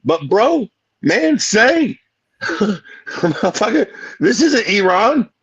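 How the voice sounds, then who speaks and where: A man co-hosting a podcast, ranting in animated, profane, slang-heavy casual chat. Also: high-pitched, drawn-out words, breathy edge, dry recording, dull audio. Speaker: podcast co-host.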